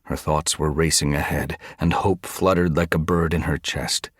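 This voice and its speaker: A man narrating an animal adventure audiobook in an expressive storytelling manner. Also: a bass voice, normal speed, no room sound, studio quality. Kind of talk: scripted narration.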